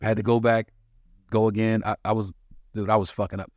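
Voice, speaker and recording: A male comedian from New York City telling his life story in a casual podcast chat, animated and profane, acting out the people he quotes. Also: lowish voice, fast, no echo. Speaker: touring comedian, podcast co-host.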